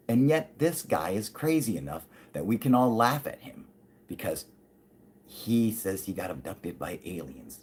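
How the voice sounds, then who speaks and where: Husky low-voiced man ranting casually. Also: big pitch swings, normal speed. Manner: profane, rambling, heated with frequent laughs. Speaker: livestream host. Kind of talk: casual ranting livestream talk.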